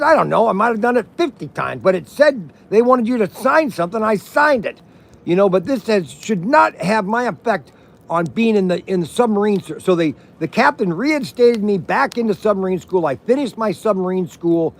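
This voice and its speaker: A man's voice: high-pitched, creaky. A man in his sixties telling rambling stories at an outdoor campfire, acting out what others said. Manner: rambling, acts out quoted voices. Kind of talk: casual storytelling.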